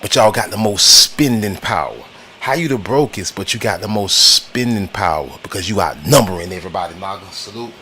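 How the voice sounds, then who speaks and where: Hosting a casual political livestream, an American man keeps pausing to say hello to chat viewers, repeats himself and talks in loose slang. His lowish voice sounds expressive, pushed and bright, a little fast, with slight background noise.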